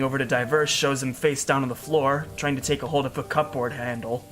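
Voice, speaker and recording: A man's voice: medium pitch, fairly even intonation, brisk, few pauses, a bit bright, faint music behind. A man giving an earnest, emotional first-person story narration as a storyteller.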